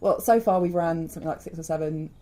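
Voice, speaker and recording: A woman from Wales with a Welsh accent, a larp organiser talking in casual chat, chatty and quick to laugh. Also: low voice, warm tone.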